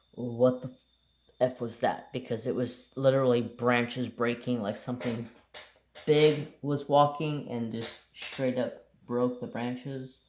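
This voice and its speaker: A man hosting a craft channel, telling a story in a relaxed, rambling way and swearing casually. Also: medium pitch, slight background noise. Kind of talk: casual storytelling while painting. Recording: roomy echo.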